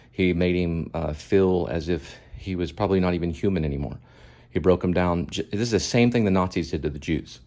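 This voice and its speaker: A man's voice: sits low, darkish tone. A man hosting his own show, giving emphatic, moralizing commentary on a video and repeating his points. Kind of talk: impassioned commentary.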